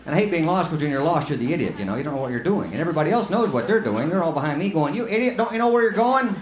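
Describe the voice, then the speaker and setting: Man, folksy stand-up comic, quick and a bit high, live club with loud laughs. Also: expressive, roomy sound. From Lubbock, Texas. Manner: folksy, rambling storytelling. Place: comedy club stage.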